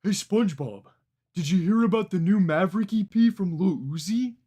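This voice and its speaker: A man doing a comic impression of a dim-witted, cheerful male cartoon starfish, slow and friendly. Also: high voice, lively intonation, dark tone, husky, voice pushed up. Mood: goofy.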